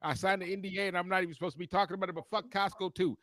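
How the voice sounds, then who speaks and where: A man with a fairly high voice tells a story as a heated, profane rant on a casual podcast. His delivery is animated and full of cussing. The sound is dry and close. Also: rapid-fire, dry recording. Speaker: podcast co-host.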